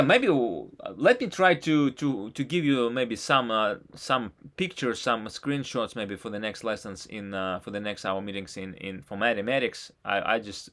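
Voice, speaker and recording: A man tutoring a student in he did not learn first, talking haltingly with many false starts and frequent questions. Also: fairly low pitch, fairly bright tone. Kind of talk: casual one-on-one lesson talk.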